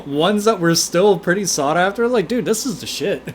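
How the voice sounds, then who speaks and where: A man giving profane, excitable, joking commentary while livestreaming a game. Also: high-pitched, normal speed, slight background noise. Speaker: streamer playing a game.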